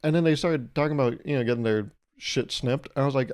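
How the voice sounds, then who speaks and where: A man hosts his own solo podcast, telling comedic stories full of swearing and acting out both sides of each conversation with animated energy. His mid-range voice moves fast and smoothly, with few pauses.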